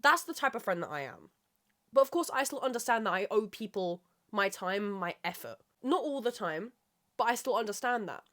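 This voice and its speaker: A woman's voice: a little high, sing-song, brisk, a bit bright. A woman hosting her own podcast, ranting with heavy swearing and rambling off track in a solo monologue. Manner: rambling, loses her train of thought. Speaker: podcast host.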